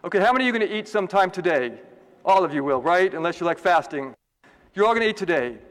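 High-voiced priest in a reverberant church. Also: male voice, expressive, quick pace, a bit bright. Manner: conversational, joking, asks the congregation questions. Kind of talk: homily.

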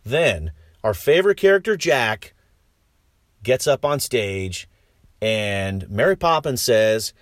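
A man chats through a film review in a rambling way, with lots of restarts and wry asides. His pitch moves in a lively way. The voice sounds close and dry, with no room sound. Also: takes it slowly, no room sound. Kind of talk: casual spoken film review.

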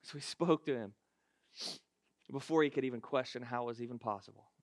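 A man preaching a sermon, emphatic and repetitive, building to shouts, with casual self-deprecating asides. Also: medium pitch, a little fast, no room sound, studio quality.

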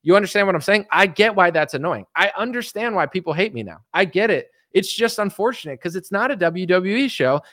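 A man's voice: high-pitched, expressive, a little fast, few pauses, a bit bright, no room sound, studio quality. A man in his thirties, a political commentator, ranting in a casual, exasperated monologue. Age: 30s. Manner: exasperated ranting, mocking others in put-on voices.

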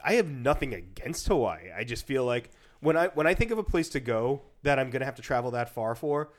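A man's voice: mid-range voice, very animated, fairly quick. A man co-hosting a podcast, talking casually. He jokes often and laughs at his own gags, in a mid-range voice. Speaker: podcast co-host. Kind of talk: casual chat.

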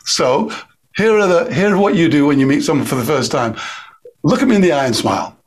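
A man's voice: a little high, a little fast, slightly rough. A man with an English accent, a guest speaker talking energetically in an interview. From England. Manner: energetic, emphatic, acts out quoted voices. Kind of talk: animated interview talk.

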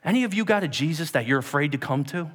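A man preaching a sermon in an animated way, acting out scenes in many voices. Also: fairly high pitch, fast. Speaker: pastor. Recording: long hall reverb.

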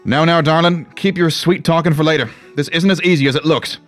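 A man's voice: on the high side, steady tone, fairly quick, fairly bright tone, pitched above the performer's own voice, close to an everyday voice. A man voicing a roguish male dwarf thief who teases with a sly drawl, over faint music. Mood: playful.

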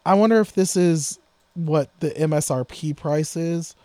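A man's voice: on the high side, a little slow, mellow, no echo. A man co-hosting a casual podcast about guitar gear, rambling and joking, his sentences often trailing off into mutters. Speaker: podcast co-host.

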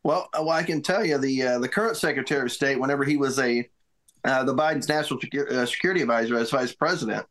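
A middle-aged man, a former military aide, recounting memories in a casual interview, halting and restarting often. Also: medium pitch, fairly bright tone. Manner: halting, many restarts and repeated words. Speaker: guest, former White House military aide.

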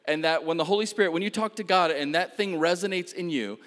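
A man's voice: sits high, quick pace, fairly bright tone, in a large hall. A man preaching a sermon, telling a personal story in a casual way with many fillers and laughs.

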